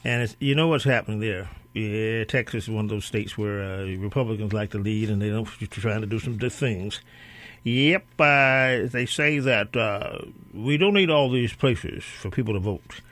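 A man's voice: on the low side, moderate pace, fairly bright tone, no room sound. A middle-aged man hosting a community talk radio show from a studio, talking loosely with many fillers and repeats. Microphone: studio microphone.

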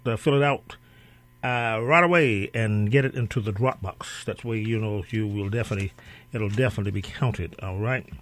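A man's voice: medium pitch, dry recording. Chatty male talk radio host. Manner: loose, conversational, with frequent fillers and repeats. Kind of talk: community talk radio monologue. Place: radio studio. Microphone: studio microphone.

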